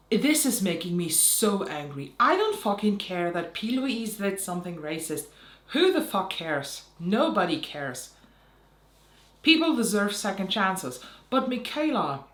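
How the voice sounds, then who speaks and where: A woman's voice: lowish voice, a bit bright. A young woman makeup vlogger ranting in a heated, sarcastic way, with frequent swearing. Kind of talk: ranting vlog commentary. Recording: roomy echo.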